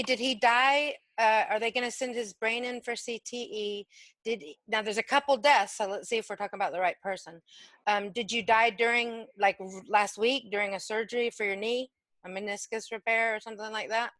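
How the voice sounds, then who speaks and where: Woman sitter, mid pitch, chatty and joking, dry. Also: a bit bright, no room sound, poor audio. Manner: chatty, joking, quick asides. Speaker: sitter in a reading. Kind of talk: casual chat.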